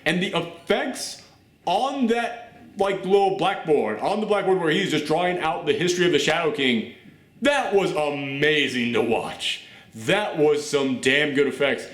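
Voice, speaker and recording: A man reviewing a TV show on his channel, talking in an animated, rambling way and nearly shouting with enthusiasm. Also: on the high side, measured pace. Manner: animated, near-shouting, gushing. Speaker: YouTube reviewer. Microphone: camera mic. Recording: roomy echo.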